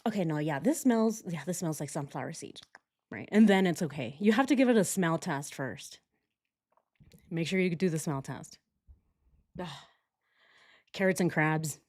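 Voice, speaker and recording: Lively, laughing woman streamer. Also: fairly low pitch, a little slow. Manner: animated, laughs often, sarcastic. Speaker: true crime livestream host. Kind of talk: casual livestream commentary.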